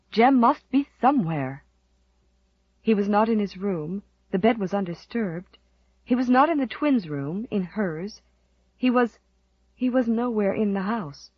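A woman reads a novel aloud with expressive, dramatic delivery. Her pitch varies widely from line to line. The recording is dry and somewhat muffled. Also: husky, dry recording. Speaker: audiobook narrator. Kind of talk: scripted narration.

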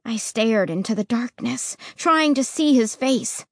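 Slow, expressive woman reading a storybook. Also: on the high side, no room sound, studio quality. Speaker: audiobook narrator. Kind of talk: first-person storybook narration.

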